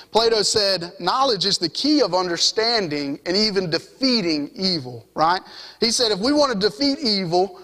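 A man's voice: sits high, fairly bright tone, long reverb tail. A young man with a Southern US accent preaching an evening sermon, reading scripture and keeping it conversational with the congregation. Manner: conversational, keeps asking "right?" of the congregation. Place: church sanctuary.

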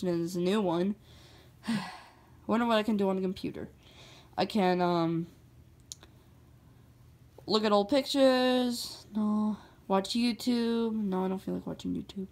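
A woman voicing a grumpy, sarcastic male plumber hero in a homemade toy-figure video, with flat, dismissive speech. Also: medium pitch, takes it slowly, long pauses. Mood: bored.

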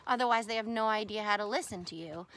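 A woman pet psychic chatting with her dog in a casual vlog, animated and giggly, with fond baby talk. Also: medium pitch, fast talker.

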